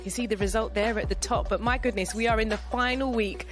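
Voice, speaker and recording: A woman presenting a post-game basketball show, brisk and upbeat, putting questions to her pundits. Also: a little high, steady tone, faint music behind. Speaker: sports presenter.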